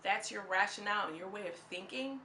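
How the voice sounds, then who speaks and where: A woman reviewing a reality show in a casual vlog, animated and slangy, with plenty of commentary. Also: mid-range voice, fairly quick, slight background noise. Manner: animated and slangy, acts out quotes in mocking voices. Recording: echoey room.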